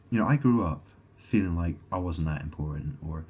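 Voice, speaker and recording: A very deep, dark voice with a breathy edge comes from a man who styles himself a god, speaking in an animated but unhurried manner. Facing the camera, he rambles on, cursing, circling back over the same points, abandoning and restarting thoughts, and hurling rhetorical questions at his audience.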